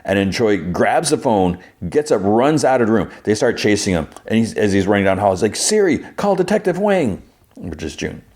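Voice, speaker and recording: A man's voice: on the low side, a little fast, darkish tone. Rambling man recapping a show. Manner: rambling, filler-heavy storytelling that acts out the characters. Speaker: podcast host. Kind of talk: casual episode recap.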